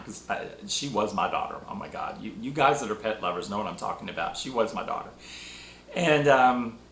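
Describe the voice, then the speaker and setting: Man, podcast host, heartfelt personal storytelling, animated delivery, reverberant room. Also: mid-range voice. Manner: emotional, animated storytelling with laughs. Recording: echoey room.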